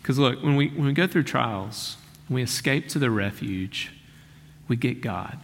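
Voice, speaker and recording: A man preaching a sermon as pastor, earnest and emphatic, slowing down and softening his voice on key phrases. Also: mid-range voice, lively intonation, long reverb tail.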